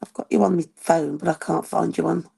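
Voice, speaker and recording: A woman co-hosting a craft stream with a croaky voice from a cold, teasing and jokey. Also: sits low, steady tone, brisk, warm tone. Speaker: co-host. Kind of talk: casual chat on a live stream.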